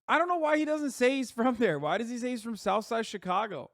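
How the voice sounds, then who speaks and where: A man reacting to a video on a live stream in casual commentary, rambling and profane with quick asides. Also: very high voice, sing-song, a bit bright, no room sound, clean studio sound.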